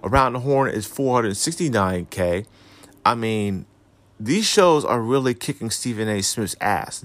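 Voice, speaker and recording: A man's voice: fairly low pitch, fairly bright tone. A man giving casual celebrity gossip commentary, reading articles aloud with sarcastic, profane asides. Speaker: commentary host.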